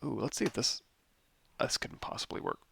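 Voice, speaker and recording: A tired man with a lot of vocal fry, teaching a live software tutorial and thinking aloud as he works through menus. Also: moderate pace, slight background noise. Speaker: 3D modeling instructor.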